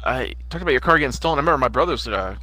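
A man's voice: medium pitch, expressive, racing, bright, forceful tone. A young man co-hosting a podcast from home, rambling and swearing in casual chat. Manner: swearing, laid-back rambling. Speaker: podcast co-host.

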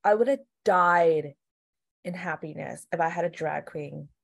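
A woman in casual chat recapping a TV show, animated and swearing freely as she acts out quotes. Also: fairly low pitch, unhurried, vocal fry. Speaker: podcast co-host.

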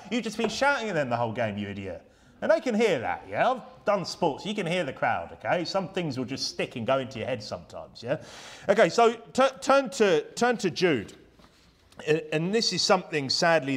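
A man preaching a sermon in a church, talking in a chatty way and often ending points with rhetorical tag questions. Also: fairly high pitch. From United Kingdom. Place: church hall.

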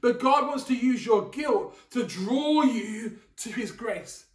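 A man with a strikingly high voice delivers an earnest sermon and presses his points home by repeating them. He sits back from the microphone, and his words ring through a reverberant room. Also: slow. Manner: earnest, emphatic preaching with repeated phrases. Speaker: preacher. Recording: echoey room, mic at a distance.

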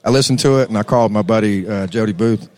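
A man's voice: lowish voice, fast, darkish tone. A man with a Texan accent, telling rambling stories as a musician guest on a casual chat show. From Texas. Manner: laid-back, rambling, laughs often.

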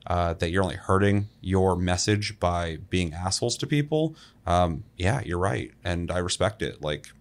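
A man's voice: deep voice, moderate pace, few pauses. A man co-hosting a casual gaming podcast, talking loosely with fillers and the odd swear. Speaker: podcast co-host. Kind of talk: casual chat.

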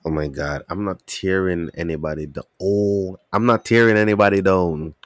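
A man from Saint Kitts with a Kittitian accent, co-hosting a casual podcast chat, animated and emphatic. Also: low voice, normal speed, dry recording, clean studio sound. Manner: animated, emphatic, shifts into local dialect. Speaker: podcast co-host.

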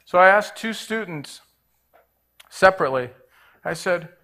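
A pastor in his forties tells a story from the pulpit, his voice a touch higher than most men's. He drops to near-murmurs and then surges into loud, excited bursts, acting out the people in his tale. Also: unhurried. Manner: animated, jumps between hushed and loud, acts out voices. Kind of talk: storytelling sermon.

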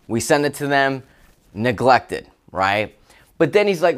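Energetic male motivational podcast host. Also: medium pitch, measured pace, clear, resonant tone. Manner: energetic, emphatic storytelling with exclamations.

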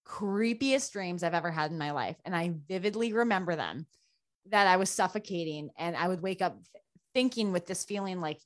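A woman guest telling a personal story in casual talk, animated and full of "like" fillers, acting out the voices of people she quotes. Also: on the low side, moderate pace. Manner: chatty, frequent "like" fillers. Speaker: podcast guest.

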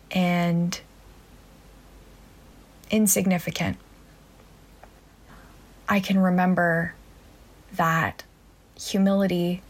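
A young woman talks slowly and earnestly to her listeners, pausing often. Her voice carries a steady gravelly fry, and her pitch stays fairly even throughout. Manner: soft-spoken, earnest, pauses often with fillers. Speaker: podcast host. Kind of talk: reflective solo podcast talk.

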